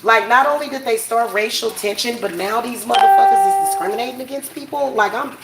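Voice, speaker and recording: A woman's voice: on the high side, fairly quick, gravelly, echoey room, heavy background noise. Blunt, profane woman ranting at home. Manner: blunt, profane, laughing, talks straight to viewers. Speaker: spiritual practitioner vlogger. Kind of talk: casual ranting vlog.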